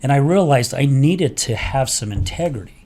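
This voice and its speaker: A man's voice: medium pitch, expressive, normal speed, a little mellow. A middle-aged man hosting a podcast, telling a personal story in a candid, earnest way with some mild swearing. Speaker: podcast host. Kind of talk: casual storytelling chat.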